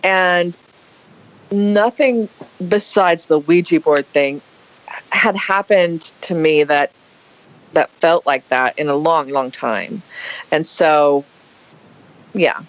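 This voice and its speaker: A woman guest on a podcast, telling a story casually with dramatic, animated flair and acted-out quotes. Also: sits low, slow, pauses often. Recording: dull lo-fi podcast audio.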